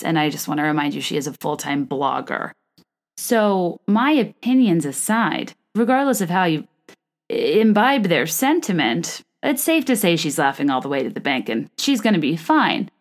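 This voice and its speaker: A woman hosting a podcast, talking in a chatty, rambling way with self-deprecating humor. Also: on the low side. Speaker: podcast host. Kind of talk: casual chat.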